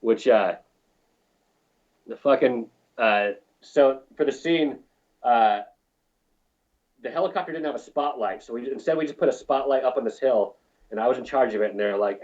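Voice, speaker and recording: A man's voice: mid-range voice, moderate pace, long pauses, a little mellow, lo-fi sound. Profane, rambling male film crew storyteller. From New Mexico. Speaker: film crew lighting technician, guest. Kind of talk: casual storytelling interview.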